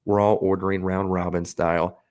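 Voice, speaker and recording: A man's voice: deep voice, brisk, clean tone. A man co-hosting a podcast, telling a story in casual chat, swearing and acting out the people in it. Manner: animated storyteller, swears, acts out quotes. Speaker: podcast co-host.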